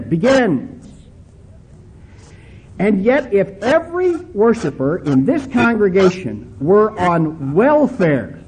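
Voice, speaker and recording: A male pastor preaching a sermon with emphatic, drawn-out stresses and a folksy storytelling manner. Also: high voice, darkish tone, husky, low-quality recording.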